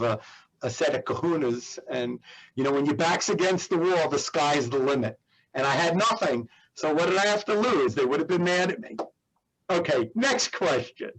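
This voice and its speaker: A man's voice: medium pitch, moderate pace, breathy edge, low-quality recording. A middle-aged man answering questions in a talk, telling a personal story with plenty of fillers and acting out the quoted voices. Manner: animated anecdotal, acts out quoted voices. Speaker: guest speaker.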